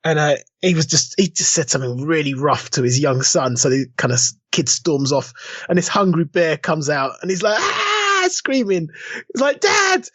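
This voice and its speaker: A husky, slightly high male voice at a moderate pace belongs to a podcast co-host in casual conversation, who mimics different voices when quoting people. The sound is lo-fi, dull and dry, without echo.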